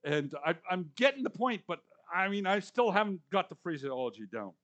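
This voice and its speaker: Older man preaching, fairly high voice, conversational, repeats words, loud then hushed. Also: big pitch swings, brisk, lo-fi sound. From Canadian or US prairies. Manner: conversational, repeats words for emphasis, swings between loud and soft. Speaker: pastor. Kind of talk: sermon.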